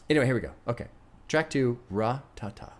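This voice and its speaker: An excitable, profane man reacting live. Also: mid-range voice. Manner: excitable, profane, chatty, laughs often. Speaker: music reaction streamer. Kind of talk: first-listen album reaction.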